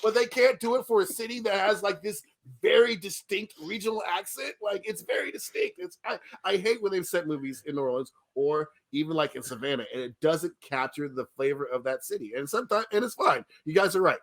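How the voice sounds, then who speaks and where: A man's voice: high voice, expressive, fairly quick. A man co-hosting a podcast, giving a blunt, complaining movie review in casual chat and laughing often. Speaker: podcast co-host.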